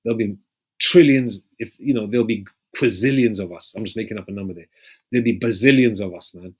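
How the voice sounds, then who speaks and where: A man preaching in a loose, rambling way, often pausing to check in with his listeners and swearing freely. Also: lowish voice, breathy edge. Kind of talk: casual street-style preaching with scripture readings.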